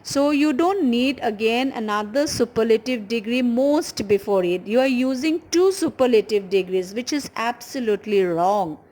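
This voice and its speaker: A woman teaching an English grammar lesson with an Indian English accent, explaining patiently and slowly repeating key words. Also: fairly high pitch, lively intonation, darkish tone, low-quality recording.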